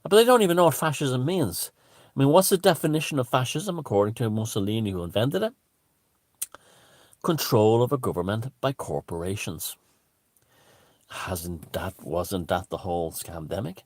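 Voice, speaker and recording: A man's voice: fairly low pitch, expressive, normal speed, no room sound, clean studio sound. A middle-aged Irish man giving a profane, sarcastic ranting monologue, full of "you know". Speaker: satirist.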